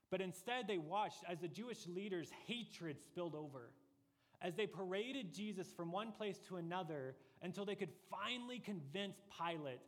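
A man preaching a sermon as pastor, earnest and deliberate, pressing his points with rising emphasis. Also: high-pitched, long reverb tail.

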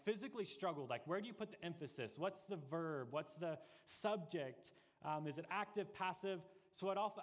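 A man preaching a sermon as pastor, earnest and deliberate, pressing his points with rising emphasis. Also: a little high, big-room sound.

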